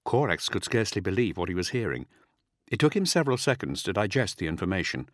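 A middle-aged man reads a dramatic audiobook in a low voice that rises and falls a lot. His delivery is measured, and the recording is close and dry. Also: big pitch swings, no echo. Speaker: audiobook narrator. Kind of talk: scripted audiobook narration.

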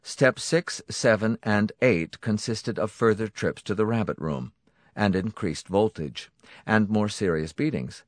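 A man's voice: lowish voice, unhurried, dry recording, clean studio sound. A man narrating an audiobook in a dramatic, tense manner.

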